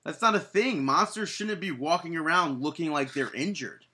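A man's voice: fairly high pitch, normal speed, sharp tone. A man hosting a wrestling podcast, talking casually with lots of filler words and some sarcasm. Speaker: podcast host.

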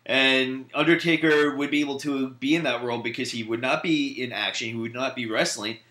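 A man's voice: mid-range voice, steady tone, brisk, sharp tone, reverberant. A man co-hosting a podcast in casual chat, earnest and curious as he weighs rumors and pokes at his co-host.

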